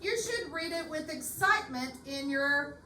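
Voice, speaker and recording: Patient woman teacher, unhurried and clear, recorded from across a roomy classroom with faint hiss. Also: high-pitched, expressive, sharp tone. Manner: slow, patient, repeats questions. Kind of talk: reading lesson. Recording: echoey classroom, far mic, faint hiss.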